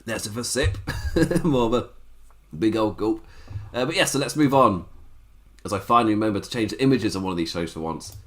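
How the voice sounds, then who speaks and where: A man's voice: lowish voice, brisk, pauses often. A man, hosting a podcast and giving a casual, rambling wrestling recap, laughing often. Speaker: podcast host.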